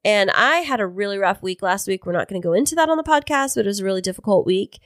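Casual podcast co-host, woman in her thirties, lively storyteller, dry studio sound. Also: fast talker, no room sound. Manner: animated storyteller, mimics others in high voices. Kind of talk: casual chat. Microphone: studio microphone.

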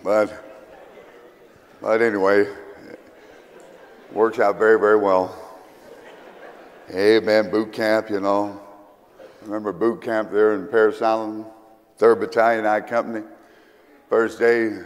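A male pastor from Kentucky with a Southern accent, telling rambling, humorous stories in a sermon, often pausing with fillers. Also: on the low side, flat delivery. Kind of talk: storytelling sermon. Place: church sanctuary. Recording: reverberant church hall.

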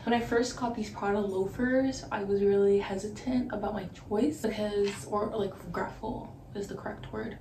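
A woman's voice: medium pitch, dark tone, recorded from a distance. A young woman vlogging her outfits in a casual, rambling way full of fillers. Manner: chatty, rambling with lots of "like" fillers. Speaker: fashion vlogger. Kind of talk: casual outfit try-on vlog. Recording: roomy, echoey room from off the mic with noise.

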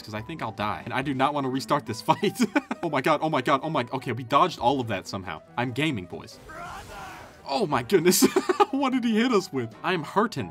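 A young man chats through a video game, his pitch a little high and swinging widely as he jokes and yelps. He talks casually to his viewers, and quiet game music plays behind him. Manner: excitable, joking, loud outbursts. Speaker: gaming YouTuber. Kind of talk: casual gameplay commentary.

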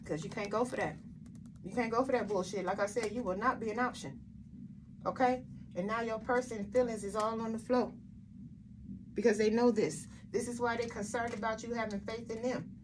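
A woman's voice: fairly high pitch, steady tone, moderate pace, noisy background. A woman doing a tarot reading for her viewers, blunt and emphatic, with frequent swearing and repeated rhetorical questions. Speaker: tarot reader.

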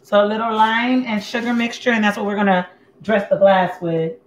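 A woman's voice: medium pitch, a little fast. Woman host, blunt and sassy, cooking-stream chat in an echoey kitchen with a faint hum behind her. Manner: blunt, sassy, chatty, talks to viewers. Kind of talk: casual livestream cooking chat. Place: home kitchen. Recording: echoey room with faint background noise.

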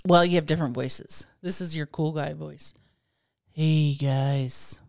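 A woman's voice: low voice, normal speed, creaky, no echo. A woman co-hosting a casual late-night podcast chat, playful and teasing. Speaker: podcast co-host.

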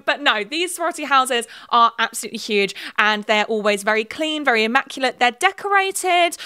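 A woman's voice: fairly high pitch, bright, forceful tone. A young woman giving a casual commentary video, chatty and full of laughing asides. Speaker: video essayist.

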